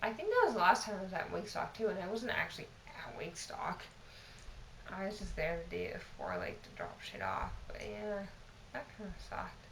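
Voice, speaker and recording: A woman's voice: mid-range voice, big pitch swings, normal speed, creaky, a bit bright, reverberant, a little hiss or hum, low-quality recording. A tipsy woman in her twenties telling a casual, profane, exasperated storytime to her camera. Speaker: vlogger.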